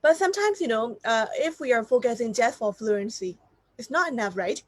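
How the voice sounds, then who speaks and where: A woman's voice: a little high, lively intonation, normal speed. A woman teaching pronunciation in a live online lesson, explaining step by step and asking her viewers questions. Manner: explanatory, repeats key points, asks the audience questions. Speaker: teacher trainer.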